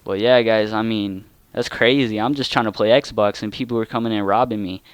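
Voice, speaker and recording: A man's voice: fairly low pitch, fairly even intonation, fairly quick, smooth, dry recording. A young man, telling a story in casual commentary, rambling with lots of fillers. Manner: rambling, lots of "like" and "you know". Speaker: gaming channel creator.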